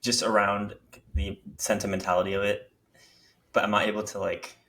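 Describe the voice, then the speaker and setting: A young man with a lowish voice talks as a podcast guest, reflecting out loud and groping for the right words. He speaks in a casual, heartfelt conversational style. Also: little pitch movement, normal speed.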